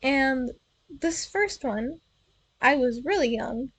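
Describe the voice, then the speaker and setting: Young woman streamer, high voice, casual self-correcting storyteller, dry close sound. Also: expressive, slow, long pauses, fairly bright tone, no echo, low-quality recording. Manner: chatty, playful, self-correcting. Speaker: virtual streamer telling stories.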